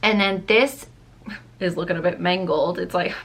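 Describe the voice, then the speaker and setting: A woman's voice: fairly low pitch, normal speed, a bit bright. Chatty woman gushing about makeup. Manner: chatty, gushing, many fillers like "like" and "um". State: slightly losing her voice. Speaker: beauty vlogger. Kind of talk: casual makeup review chat.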